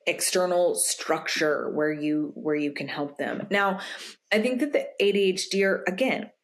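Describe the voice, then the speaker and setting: A young adult woman with a low-pitched voice speaks as a guest coach on a podcast. She talks casually and at length, and each time she quotes a friend or partner she jumps up in pitch to act the line out. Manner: animated, acts out quoted lines in a raised pitch. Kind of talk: conversational interview answers.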